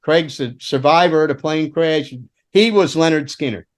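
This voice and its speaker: A man's voice: a little high, moderate pace. A man telling loose, profane road stories from his years as a rock roadie. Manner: animated, profane anecdotes. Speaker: veteran rock roadie guest. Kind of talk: casual storytelling chat.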